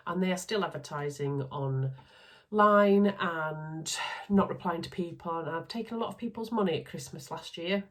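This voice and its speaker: A woman's voice: on the low side, moderate pace. A woman with a Yorkshire accent chatting casually and cheerfully in a vlog about her sewing projects. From Yorkshire, England. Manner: chatty, upbeat, talks through sewing makes with asides. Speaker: sewing vlogger. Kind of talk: casual chat.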